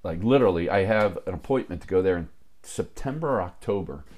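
A man's voice: deep voice, fast talker. A man in casual chat, telling a long story full of swearing and acted-out dialogue. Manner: profane, animated anecdote-telling with quoted dialogue.

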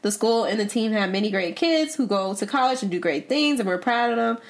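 A woman's voice: fairly high pitch, a little fast. A woman co-hosting a podcast in casual chat, retelling a news story with frequent restarts and repeated words. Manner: animated, laughs often, trails off and repeats words. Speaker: podcast co-host.

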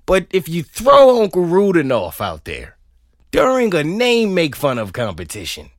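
A man on a podcast rants in a comedic way, his pitch sitting a little high and swinging widely as he goes. He laughs often and swears freely. The recording is close and dry, with no room sound. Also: huge pitch swings, a little slow, no echo. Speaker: podcast host. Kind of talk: comedic rant.

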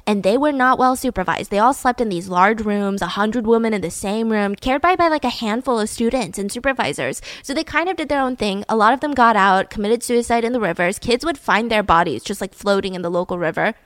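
A woman hosting a podcast, telling a true-crime story in a chatty, animated way, full of fillers. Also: mid-range voice, dry recording. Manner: chatty, animated, frequent fillers and acted-out quotes. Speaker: podcast host.

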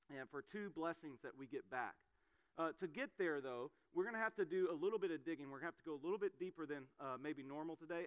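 A middle-aged man preaching a sermon, telling family stories in a relaxed, conversational way with frequent fillers. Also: on the high side. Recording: long hall reverb.

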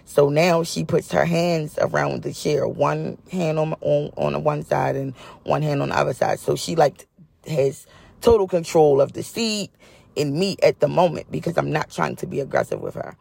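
Gravelly-voiced woman telling a story. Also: deep voice, steady tone, moderate pace, a little mellow. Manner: chatty, repeats phrases for emphasis. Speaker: vlogger. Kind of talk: casual storytelling.

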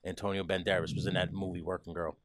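A man's voice: sits low, flat delivery, quick pace, slight background noise. A man co-hosting a casual chat, teasing and swearing freely. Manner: teasing, swears freely, mocks in put-on voices. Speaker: podcast co-host.

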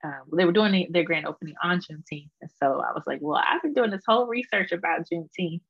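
A woman's voice: fairly low pitch, fast talker, fairly bright tone, breathy edge, no echo, highs cut off. A woman with a Houston Texas accent, a guest artist chatting casually in an interview, full of fillers and laughter.

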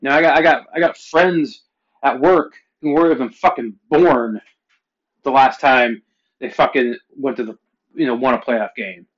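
A man in his forties from Pennsylvania, ranting casually and profanely to his viewers, his voice growing loud and heated. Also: normal speed, highs cut off. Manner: profane, heated ranting that climbs louder and higher. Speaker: vlogger. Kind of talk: casual rant to camera.

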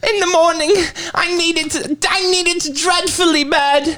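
Comic bit: a posh whiny mummy's boy in a squeaky falsetto. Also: steady tone, normal speed, over a noisy crowd. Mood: whiny pleading. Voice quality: shrill falsetto, mock-British. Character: whiny posh British man-child begging his mummy.

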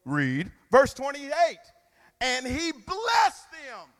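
A man with a very high voice preaches in a slow, drawn-out cadence. He punches his points with sudden loud bursts, then drops to quiet asides and has the congregation repeat after him. His sermon rings with the long reverb of a large hall. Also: wildly swooping pitch. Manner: emphatic call-and-response preaching with sudden loud and quiet swings.

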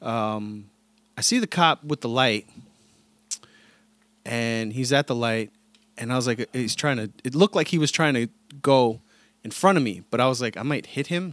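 Laid-back dude on a podcast, swears a lot, mid pitch, dry sound. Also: male voice, fairly bright tone, dry recording. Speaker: podcast co-host. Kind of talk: casual podcast banter.

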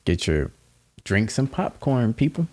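This man's mid-range voice is warm and sing-song, and he takes his time. Laid-back and thoughtful, he chuckles at his own expense and plays out small bits of dialogue.

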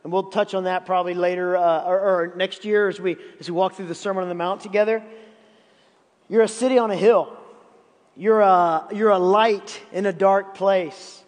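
A man's voice: sits high, fairly even intonation, normal speed, in a large hall. A man in his fifties preaching a sermon as pastor, emphatic and often repeating words to drive a point home. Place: church sanctuary.

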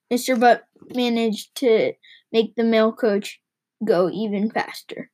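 A woman reading a novel aloud with lively, expressive storytelling. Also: a little high, a little slow, low-quality recording. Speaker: reader.

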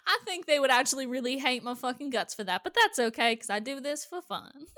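Bright, lively woman with a Midwestern accent. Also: sits high, brisk. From Iowa. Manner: giggly and teasing, laughs often. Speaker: podcast co-host. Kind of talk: casual chat.

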